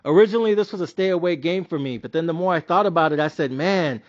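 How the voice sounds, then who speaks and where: Young man, Mexican-American accent, high voice, profane animated rant, muffled lo-fi sound. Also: quick pace. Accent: Mexican-American English with Spanish interjections. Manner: profane, animated ranting, yells at times. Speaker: sports betting vlogger. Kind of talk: casual ranting commentary.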